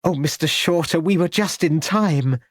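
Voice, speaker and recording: A man's voice: a little high, moderate pace, no room sound, studio quality, pitched above the performer's own voice, natural voice. Man doing a desperate pleading woman. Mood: relieved. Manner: anguished, pleading.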